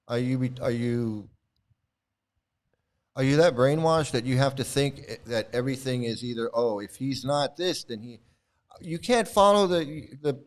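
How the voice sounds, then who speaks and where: A man hosting a livestream, talking straight to his chat in a combative, repetitive way. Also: on the high side. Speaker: livestream host. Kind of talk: livestream commentary, answering chat.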